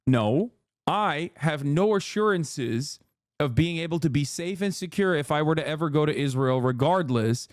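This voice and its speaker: A man in his thirties, heard close and dry with no room around him, doing live stream commentary. His voice sits a little high, and he argues with his chat in a heated, sarcastic tone. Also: animated, normal speed, no room sound. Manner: heated, argumentative, sarcastic, talks back to chat. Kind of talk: livestream commentary.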